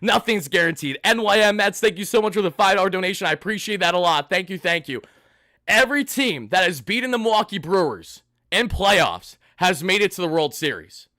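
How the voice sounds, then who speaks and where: A young man hosting an excited postgame livestream, worked up and sweaty, loudly thanking donors. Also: sits high, fairly quick, no room sound, clean studio sound. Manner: hyped, loud, shouting and thanking donors. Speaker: host of a fan live stream.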